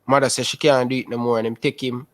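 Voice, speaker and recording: A young man with a Jamaican Patois accent tells his life story as an interview guest in a casual video-call interview. He is animated and repetitive, speaking quickly in a mid-range voice.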